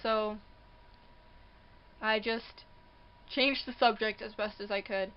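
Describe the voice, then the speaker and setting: Animated young woman telling a story. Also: mid-range voice, slow pace, lo-fi sound, a little hiss or hum. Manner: animated, acts out quoted voices, laughs often. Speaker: vlogger. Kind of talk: casual storytelling. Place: indoors near a passing train.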